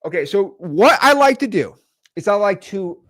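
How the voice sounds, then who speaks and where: A man casually teaching real estate wholesaling to the camera, animated and conversational, tagging sentences with okay and right. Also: high voice, unhurried, dry recording, studio quality.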